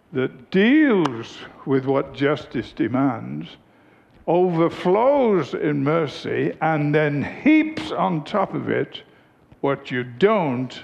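A man preaching a sermon, telling a family story in a slow, deliberate, teaching tone. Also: a little high, big pitch swings, gravelly, a little mellow, dull audio, slight background noise.

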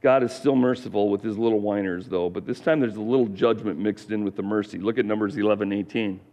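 A man's voice: fairly low pitch, fairly even intonation, fast talker, warm tone. Earnest male pastor preaching. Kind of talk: sermon.

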